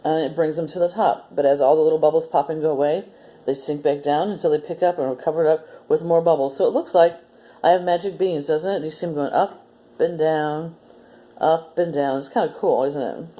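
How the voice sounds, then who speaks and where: A woman hosting a children's story time, reading a story aloud and gently explaining a simple demo step by step. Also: deep voice, fairly even intonation, a little fast.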